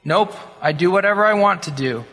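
Brief: man voicing a defiant schoolboy for a sermon story, sneering and brash, high and bright, long hall reverb. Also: lively intonation, fairly quick. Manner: sneering and brash, later pleading. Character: defiant young schoolboy, cocky then tearful.

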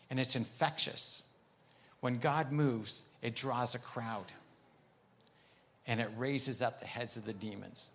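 Gravelly-voiced man preaching a testimony. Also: medium pitch, a bit bright. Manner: storytelling with many "I said" asides. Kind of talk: sermon testimony.

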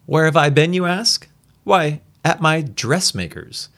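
Guy doing a breezy naive rich wife voice, way up high, story read aloud. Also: sing-song, unhurried, fairly bright tone, full character voice. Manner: light, breathless, naive tone. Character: chatty wealthy young wife, breezy.

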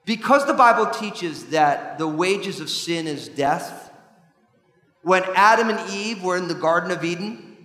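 Animated high-voiced preacher in an echoey hall. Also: male voice, a little slow. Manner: animated, conversational preaching with asides. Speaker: pastor. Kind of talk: sermon.

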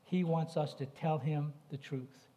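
A man's voice: a little high, steady tone, unhurried, mellow. A middle-aged man preaching a sermon, talking conversationally and asking the congregation questions. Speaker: pastor.

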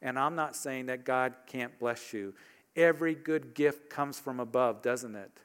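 A pastor delivering a sermon in a man's mid-pitched voice. He talks to his congregation in a relaxed, conversational way and often throws them rhetorical questions. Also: a little slow, clean tone.

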